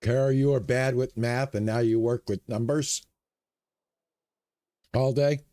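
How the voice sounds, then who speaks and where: A man's voice: medium pitch, measured pace, no echo, clean studio sound. A man streaming a shop game live, talking through his moves and chatting with viewers. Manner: relaxed, chats with viewers between game remarks. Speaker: gaming streamer. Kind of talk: live stream commentary while playing.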